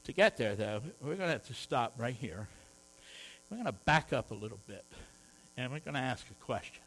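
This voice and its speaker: A man's voice: medium pitch, lively intonation, moderate pace, fairly bright tone, slight background noise, poor audio. A man preaching a conversational sermon, earnest and heartfelt, often stumbling over and repeating his words.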